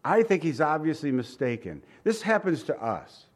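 Guy preaching a sermon, chatty, lots of rhetorical questions, reads scripture slow and heavy. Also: on the high side, very animated. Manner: reads scripture aloud slowly and emphatically. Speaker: pastor.

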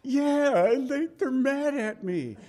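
A woman's voice: high voice, expressive, takes it slowly, warm tone, slight background noise, voice pushed up. A man voicing an upset middle-aged woman who talks in a breathless, exclaiming way. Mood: excited.

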